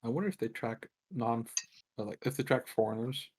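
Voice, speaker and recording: A man's voice: mid-range voice, brisk, a little mellow, breathy edge. A man chatting bluntly with his tabletop group and swearing casually. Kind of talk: casual chat among tabletop players.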